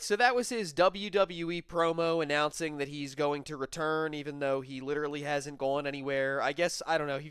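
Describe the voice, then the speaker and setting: A man hosting a commentary channel, talking over clips in a dry, mocking, deadpan voice. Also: fairly high pitch, clear, resonant tone, no room sound.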